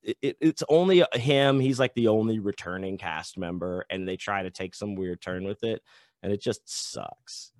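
A man talking as a guest author in a casual podcast chat, loose and animated, swearing and saying "like" a lot. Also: on the low side, moderate pace, no echo, clean studio sound.

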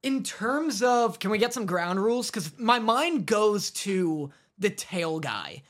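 A woman's voice: mid-range voice, animated. Joking young woman podcast co-host. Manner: joking, quick tangents, laughs often. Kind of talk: casual banter.

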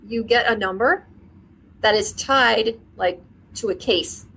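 Chatty woman with a fairly high voice. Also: takes it slowly, gravelly, sharp tone, slightly rough, poor audio. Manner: explains in a chatty way with many "like" fillers. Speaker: guest, forensic scientist. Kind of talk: casual podcast chat.

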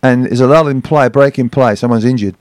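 A man telling anecdotes as a guest on a chat show, animated and acting out shouted quotes. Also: medium pitch, quick pace, smooth, dry recording, studio quality.

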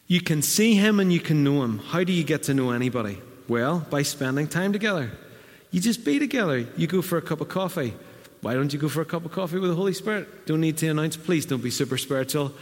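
A man's voice: fairly high pitch, expressive, fast. A middle-aged man preaching a conversational sermon in a church, now and then acting out quotes in a raised voice. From Northern Ireland. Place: church hall. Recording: reverberant church hall.

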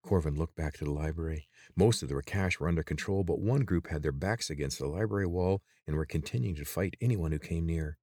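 A man reading an adventure story aloud in a steady, measured narration. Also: very deep voice, no room sound, studio quality. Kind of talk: scripted audiobook narration.

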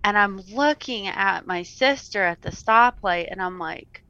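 A woman's voice: medium pitch, sharp tone, no echo, highs cut off. A woman telling her personal story as an interview guest, earnest and sometimes close to tears. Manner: earnest, tearful at times, quick laughs.

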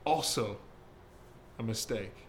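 A man preaching a sermon as pastor, in a conversational, emphatic way, slowing to read scripture. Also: lowish voice, a little hiss or hum. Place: church service, streamed.

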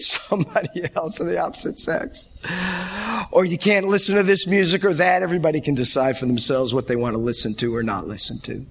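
A man's voice: a little high, a bit bright. A middle-aged man preaching a sermon, telling stories animatedly and laughing along. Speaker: pastor.

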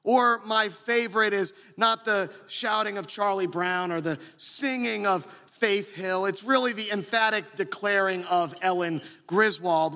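A man preaching a sermon, slow and earnest, sometimes acting out quoted voices. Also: high voice, bright, forceful tone, long reverb tail. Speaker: pastor.

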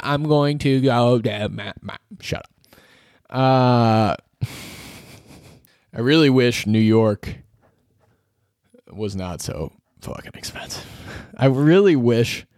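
A man's voice: mid-range voice, darkish tone, dry recording, clean studio sound. A young man in his twenties, hosting a solo podcast from his bedroom office, rambling casually, swearing and mocking himself. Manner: rambling, self-mocking, swears a lot, restarts often. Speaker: podcast host.

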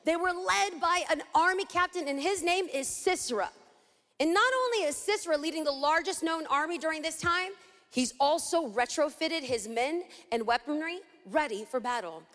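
A high-pitched woman from East Los Angeles delivers a sermon with theatrical flair, acting out little scenes as she teaches. Her voice rings with a long reverb from a large hall. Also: normal speed. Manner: dramatic and animated, acts out scenes. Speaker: Bible teacher.

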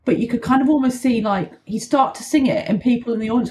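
A woman guest in a casual podcast chat, giggly and animated, acting out reactions. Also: a little high, fast talker, a little hiss or hum.

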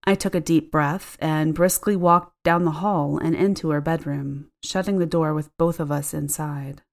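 A woman narrating a first-person horror story in a measured, tense storytelling manner. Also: low voice, steady tone, creaky.

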